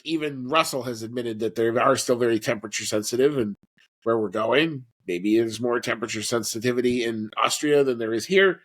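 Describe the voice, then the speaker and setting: A man co-hosting a podcast, chatting in a relaxed, rambling way with fillers. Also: medium pitch. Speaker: podcast co-host. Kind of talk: casual chat.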